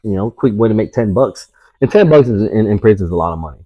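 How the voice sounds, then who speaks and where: A man's voice: fairly low pitch, animated, quick pace, dry recording, muffled recording. A man, a tattoo artist guest, telling a casual story full of swearing and acting out the voices of people he quotes. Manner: profane, acts out quoted voices.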